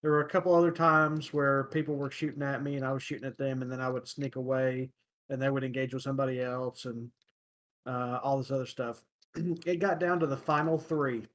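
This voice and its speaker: A man hosting a casual podcast, telling stories in a relaxed way with lots of ums. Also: mid-range voice, brisk. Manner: relaxed storyteller, many ums and uhs. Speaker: podcast host. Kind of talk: casual chat, storytelling.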